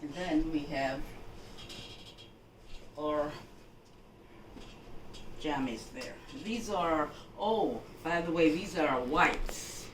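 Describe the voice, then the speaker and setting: A woman from Jamaica gives an unhurried, instructive housekeeping demonstration and keeps checking in with her viewer. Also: deep voice. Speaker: housekeeping vlogger. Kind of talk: home laundry-folding demonstration. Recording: echoey room, voice from a distance, background noise.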